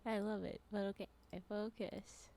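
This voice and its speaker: A woman streamer talks casually into a desk microphone while she plays a game, with mouse clicks behind her. Her voice is mellow and warm, at a middling pitch. She is playful and laughs a lot, then slips into soft muttering when she focuses. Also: level tone, moderate pace, gravelly, slight background noise. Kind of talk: casual chat while gaming.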